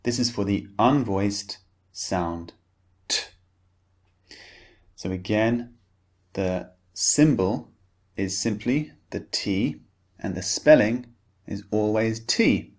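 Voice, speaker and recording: A man's voice: on the low side, animated. A man teaching pronunciation, speaking carefully and enunciating each word for learners to repeat. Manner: slow, careful, clearly enunciated drills. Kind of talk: pronunciation lesson.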